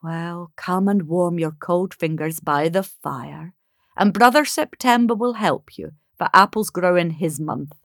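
Woman voicing gentle old December. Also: on the low side, unhurried, dry recording, studio quality. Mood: kindly. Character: old kindly winter month, gentle older man.

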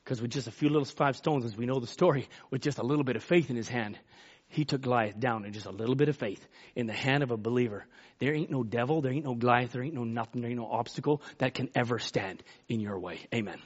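A man's voice: mid-range voice, fast talker, slightly rough. A man preaching a sermon in a folksy, emphatic way, acting out Bible quotes as he goes. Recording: dull lo-fi recording.

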